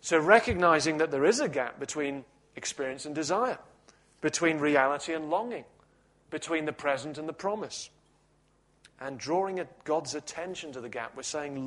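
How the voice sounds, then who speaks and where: A man preaching a sermon in a measured, reflective teaching manner with touches of gentle humor. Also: fairly high pitch, expressive.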